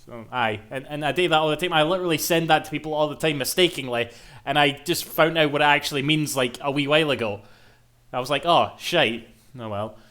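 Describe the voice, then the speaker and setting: A man's voice: a little high, quick pace, fairly bright tone. A man with a Scottish accent, rambling playfully and swearing as he streams a game. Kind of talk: casual gaming commentary.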